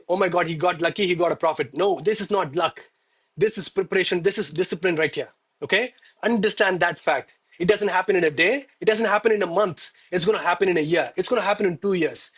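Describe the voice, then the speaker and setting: Husky, higher-voiced man preaching trading discipline. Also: a bit bright. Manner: emphatic, preachy, repeats "okay" and "man"; emotional, admits getting worked up. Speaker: live-streaming gold trader. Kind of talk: live trading stream talk.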